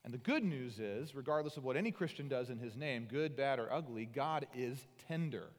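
A male pastor delivers a sermon in an earnest voice of middle pitch. He leans hard into emphatic lines, then drops to soft, intimate tones. His voice carries a long reverb tail, as in a large hall. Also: lively intonation, normal speed. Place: church sanctuary.

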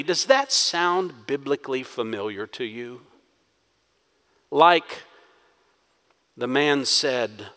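A man's voice: mid-range voice, expressive, slow pace, pauses often, pushed and bright, big-room sound. A man preaching a sermon, acting out quoted prayers with rising intensity. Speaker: pastor.

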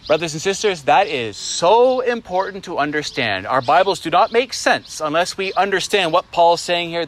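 Emphatic preacher, slightly high voice. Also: male voice, a bit bright, a little hiss or hum. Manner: emphatic, rhetorical questions, dramatizes God's voice. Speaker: pastor. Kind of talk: expository sermon.

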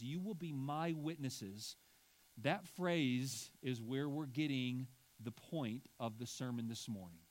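A man preaching a sermon as pastor, stressing key words and slowing down for emphasis. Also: medium pitch.

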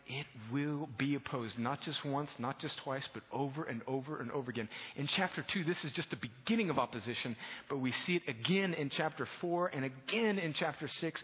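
Husky-voiced male pastor in a reverberant hall. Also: mid-range voice. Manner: casual, humorous preaching that swells to loud fervor. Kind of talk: sermon. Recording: dull lo-fi sound with long hall reverb.

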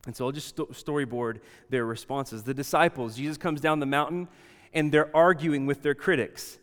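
Guy preaching a sermon, kinda high voice, big hall echo, goes loud then real quiet. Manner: animated, acts out quoted voices, swings from loud to hushed. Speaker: pastor.

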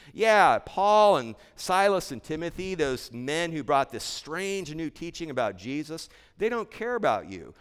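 A man's voice: medium pitch, smooth. A male pastor preaching an expository sermon in a church sanctuary, earnest and emphatic, repeating key phrases for weight. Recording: long church-hall reverb.

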